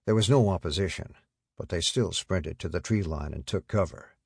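A man reading a war novel aloud as an audiobook narrator, steady and measured. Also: low-pitched, vocal fry, slightly rough, no echo, clean studio sound.

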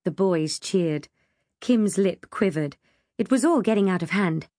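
Slow, expressive woman storyteller. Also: mid-range voice, dry recording, studio quality. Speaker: audiobook narrator. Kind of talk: first-person audiobook narration.

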